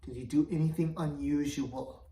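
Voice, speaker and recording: A woman's voice: low voice, fairly even intonation, normal speed, warm tone. A woman voicing a stern, commanding king who interrogates and gives orders, in a roomy recording from a distance. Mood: questioning. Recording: roomy, voice away from mic.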